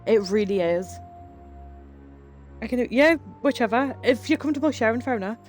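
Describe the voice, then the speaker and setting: A woman's voice: on the high side, expressive, brisk, faint music behind. A young woman with a Geordie accent chatting casually with viewers on a live stream, reading chat aloud, swearing and laughing as she goes. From Northeast England.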